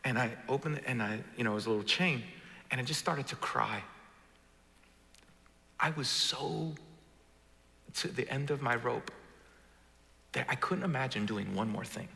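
Animated New preacher in a big hall. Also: male voice, moderate pace, creaky, pauses often. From Brooklyn. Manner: animated, swings from booming to hushed, jokes with the crowd. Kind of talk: sermon. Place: church auditorium. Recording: large reverberant hall.

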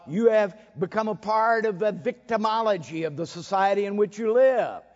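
A man preaching a dramatic sermon, swinging between loud bursts and hushed asides, acting out the quoted voices with wry humor. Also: sits high, normal speed. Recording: dull recording with a long hall reverb.

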